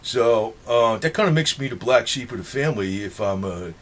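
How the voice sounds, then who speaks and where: A man's voice: mid-range voice, lively intonation, moderate pace, slight background noise. A man with a New Jersey accent rambling in a monologue to his viewers, swearing freely and chuckling between points. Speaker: political vlogger.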